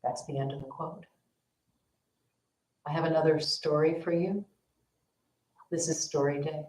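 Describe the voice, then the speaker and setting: A woman's voice: sits low, fairly even intonation, measured pace, darkish tone. A woman dharma teacher telling a story at a family service, casual and self-deprecating, with fillers. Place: temple hall. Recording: echoey temple hall.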